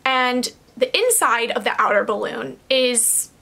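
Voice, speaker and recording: Bright, high-voiced young woman vlogging. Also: animated, measured pace, gravelly. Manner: frank, chatty, laughs easily, swears lightly. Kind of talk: candid casual chat to camera.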